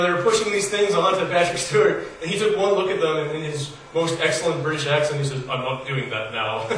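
A fairly high-voiced man delivers a casual, story-driven sermon, his emphasis climbing as he builds each point. His voice reaches the mic from a distance and rings through a heavily echoing hall. A faint hiss sits under everything. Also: a bit bright. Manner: storytelling, conversational with rising emphasis. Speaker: pastor. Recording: very echoey hall, voice from far off, faint noise.

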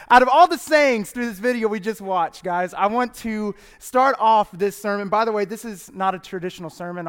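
High, playful youth pastor in echoey church. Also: male voice, a bit bright. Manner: chatty, playful, laughs often. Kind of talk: casual humorous sermon. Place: church sanctuary.

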